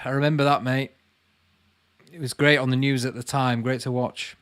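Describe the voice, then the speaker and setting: A man in his late thirties with a Lancashire accent, hosting a relaxed livestream. His voice sits at a middling pitch. He reads out comments and answers them in a friendly, chatty way, often calling people mate. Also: smooth. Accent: Lancashire English. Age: late 30s. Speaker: channel host answering live chat. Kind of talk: casual livestream chat.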